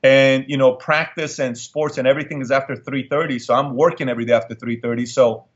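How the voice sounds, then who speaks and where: A man's voice: medium pitch, fairly even intonation, fast, lo-fi sound. A middle-aged man, an entrepreneur guest, telling his life story in an emphatic, repetitive way that turns emotional. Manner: emphatic, repeats lines for effect, emotional storyteller. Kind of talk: candid storytelling interview.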